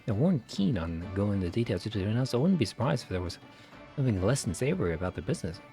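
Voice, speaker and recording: Man playing a quick, lively tavern keeper, salesy and sly, mid voice. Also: on the low side, faint music behind. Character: chatty male tavern keeper, sly and hospitable.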